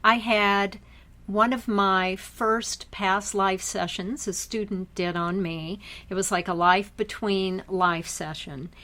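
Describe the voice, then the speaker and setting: A woman co-hosting a podcast, a hypnotherapist telling stories from her own sessions in a measured, reflective way. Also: medium pitch, fairly even intonation, pushed and bright. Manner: thoughtful storyteller, measured and reflective. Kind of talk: casual podcast chat.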